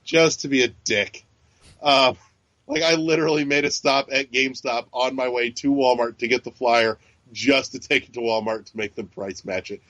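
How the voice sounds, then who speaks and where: Medium in pitch with fairly even intonation, this man speaks at a moderate pace with a fairly bright tone. He co-hosts a podcast in loose chat, swearing, rambling and often restarting or using fillers. The audio lacks echo and has a dull, lo-fi sound.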